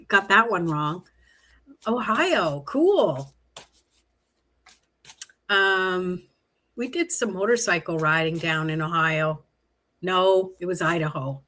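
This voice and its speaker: A middle-aged woman from Canada talks through a live tarot reading at a relaxed, slow pace. Her voice is bright and clear. She drifts easily between the cards and the viewers' comments, laughing often. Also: fairly low pitch. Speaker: tarot livestream host. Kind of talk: casual live-stream chat while reading tarot cards.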